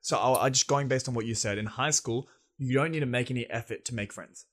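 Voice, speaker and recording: A young Australian man co-hosting a casual chat, laid-back and sweary, quick to agree. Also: mid-range voice, fairly bright tone. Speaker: podcast co-host.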